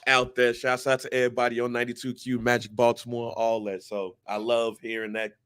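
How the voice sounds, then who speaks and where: A man's voice: medium pitch, monotone, brisk, a bit bright, clear, resonant tone, no echo. Casual man in his forties, dry mic. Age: 40s. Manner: loose, joking, repeats words for emphasis. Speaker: podcast co-host. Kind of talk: casual chat.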